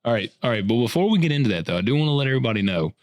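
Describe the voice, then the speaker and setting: A man co-hosting a podcast, telling stories in a relaxed, rambling way with drawn-out fillers. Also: medium pitch, no room sound, clean studio sound. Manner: laid-back, storytelling, drawn-out fillers. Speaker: podcast co-host. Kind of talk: casual chat.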